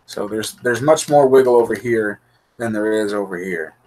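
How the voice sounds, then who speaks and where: A man's voice: fairly low pitch, moderate pace, darkish tone. A man hosting an RC hobby show, chatting casually and goofily with his live-stream viewers. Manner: goofy, laughing, chatty with viewers.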